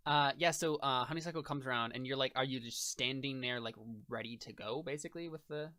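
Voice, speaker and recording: Man, game master, bright voice, rambling, lots of fillers, casual tabletop narration. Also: mid-range voice, a little fast, clean tone. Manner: rambling with many fillers and restarts.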